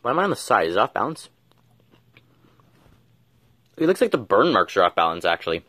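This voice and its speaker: A man's voice: on the low side, sing-song, a little fast, pushed and bright, husky, no echo. A man giving casual gameplay commentary, thinking aloud and mumbling with fillers as he plays at home. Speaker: gameplay streamer.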